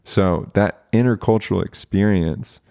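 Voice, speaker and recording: A male podcast host in casual conversation, with a low voice and a mellow, dark tone. He talks in a relaxed, chatty way and laughs easily. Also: measured pace, vocal fry.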